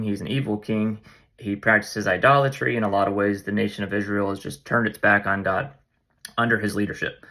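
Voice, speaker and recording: A man's voice: fairly low pitch, fairly bright tone. A man hosting a casual Bible study vlog, retelling the passage in a playful, jokey, slangy way. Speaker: vlog host.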